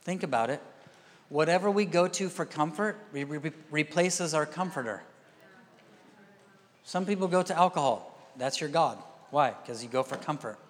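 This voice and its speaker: Pastor guy preaching, kinda high voice, tells stories and acts out the lines, long reverb in a big church hall. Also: normal speed. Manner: storytelling, acts out quoted voices; asks the crowd "are you with me?". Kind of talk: sermon.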